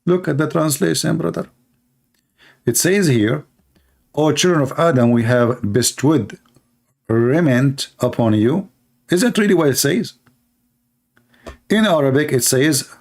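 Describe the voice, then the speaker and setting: Sarcastic male commentator, non-native English, mid-pitched voice that leaps up for mocking outbursts. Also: lively intonation, slow pace, creaky, pauses often, darkish tone. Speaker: online commentator. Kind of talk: screen-reading commentary.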